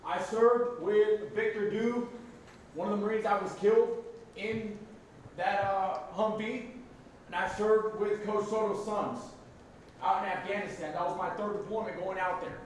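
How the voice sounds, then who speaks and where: A man from Arizona, a Marine veteran, speaking to a team in a plain, measured way. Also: high voice, steady tone. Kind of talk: speech to a team. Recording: echoey, distant mic, faint noise.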